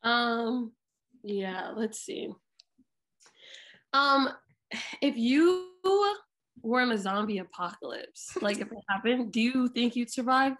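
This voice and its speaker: A woman's voice: a little high, a bit bright. Chatty young woman podcast host. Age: young adult. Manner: chatty, full of fillers, quick. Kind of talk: casual podcast chat.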